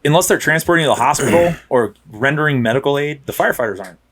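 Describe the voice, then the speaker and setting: A man's voice: fairly high pitch, expressive, quick pace, fairly bright tone. A man in his thirties, a police officer, telling rambling stories in casual podcast chat. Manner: rambling, restarts, acts out quotes. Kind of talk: casual storytelling.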